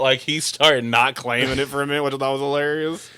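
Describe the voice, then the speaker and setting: A man's voice: mid-range voice, steady tone, brisk, bright, forceful tone, clean tone, no room sound. A man co-hosting a podcast, chiming in with amused, profane jokes while recapping a movie.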